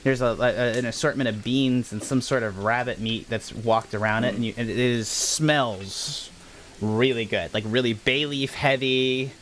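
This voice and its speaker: A man narrates a tabletop game for a live stream in loose, casual talk, stumbling through restarts and frequent apologies. His voice sits at an everyday pitch, with a faint hiss in the background. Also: fairly even intonation, normal speed, fairly bright tone. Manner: rambling, apologetic, lots of restarts. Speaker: game master.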